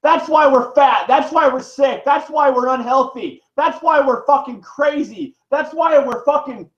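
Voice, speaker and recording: A man's voice: extremely high pitch, a little slow. A man vlogger in pain, delivering a heated, profane, rambling rant to the camera. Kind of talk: angry direct-to-camera rant. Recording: echoey room, dull lo-fi sound.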